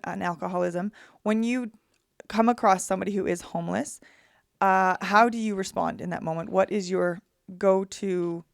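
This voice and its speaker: Woman podcast host, gravelly voice, dry close sound, thoughtful interviewer. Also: mid-range voice, no echo. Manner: thoughtful, searching for words. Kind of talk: interview questions.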